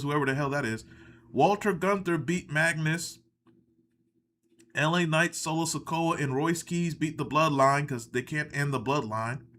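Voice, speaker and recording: A man hosts a casual live stream, rambling from topic to topic in a sardonic tone and chuckling at his own jokes. His voice sits a bit high for a man. He talks straight into a desk mic. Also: fairly bright tone.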